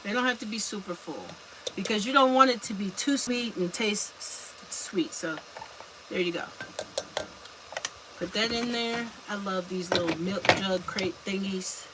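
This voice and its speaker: A woman's voice: medium pitch, measured pace. A woman talks to her viewers in an easy, chatty way while she makes a drink in her kitchen. She sounds a little out of breath. There is a noisy background under her voice. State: slightly out of breath. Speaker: vlogger. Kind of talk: casual livestream chat. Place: home kitchen. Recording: noticeable background noise.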